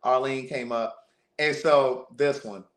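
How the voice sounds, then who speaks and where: A man hosting a livestream, telling a family story in a casual, animated way, often repeating words. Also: mid-range voice, slow pace. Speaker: livestream host. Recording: roomy echo.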